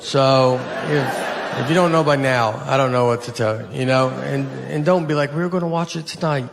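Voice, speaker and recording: A middle-aged man with a Southern US accent doing a stand-up comedy set, telling stories in a dry, deadpan way into a handheld mic on a theater stage. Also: mid-range voice. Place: theater stage before a laughing audience. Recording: live hall recording with long reverb and audience noise.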